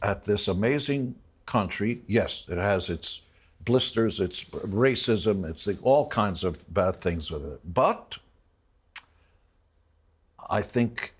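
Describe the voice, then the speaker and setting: A man, a guest in an interview, telling a personal story in a reflective, halting way full of restarts. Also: fairly low pitch, lively intonation, husky. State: emotional.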